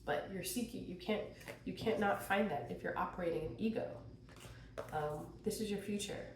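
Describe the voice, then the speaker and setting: A woman giving a chatty, expressive tarot reading, her voice worn and hoarse. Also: on the low side, moderate pace, slight background noise. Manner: chatty, expressive, laughs and sings bits. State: losing her voice, clearing throat. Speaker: tarot reader. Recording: quiet roomy home recording.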